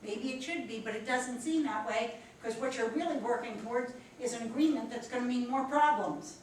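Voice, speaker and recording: A woman with a Philadelphia accent teaching a professional etiquette class, animated and encouraging as she talks with her students. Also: on the high side, a little fast, distant mic, a little hiss or hum. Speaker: instructor. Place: large echoey classroom. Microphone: distant room mic. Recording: echoey room recorded from afar.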